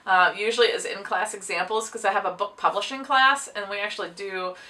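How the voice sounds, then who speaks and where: Chewing gum with audible clicks, this woman talks to camera about her books in a loose, rambling way, laughing often. She's a book vlogger and teaches a book publishing class. Her voice is medium-pitched, fairly quick, pushed and bright, and sits far from the microphone.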